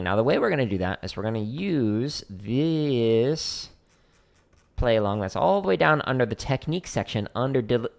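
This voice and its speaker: Gravelly, chatty man on a stream. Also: medium pitch. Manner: casual, chatty, self-deprecating. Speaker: drum teacher streaming practice. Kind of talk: casual livestream chat. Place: home practice space.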